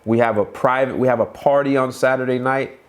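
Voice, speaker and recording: Male live-stream host, Boston accent, hyped and repetitive, medium pitch. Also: steady tone. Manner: hyped, repetitive, quick restarts. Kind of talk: casual live-stream promotion.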